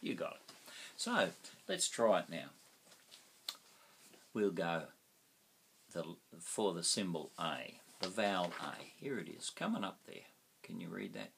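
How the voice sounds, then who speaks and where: Older aussie guy teaching vowel sounds, deep voice, goes up and down a lot, slow. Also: big pitch swings, vocal fry, a bit bright, slight background noise. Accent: Australian. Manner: slow, drawn-out, repeats sounds for practice. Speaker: English teacher. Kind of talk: pronunciation lesson.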